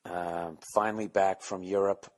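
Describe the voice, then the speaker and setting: A man's voice: sits low, level tone, unhurried, darkish tone. A man hosting his own podcast from home, rambling in a profane, self-mocking casual monologue while keeping his voice down. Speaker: podcast host and comedian. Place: home, at night or early morning.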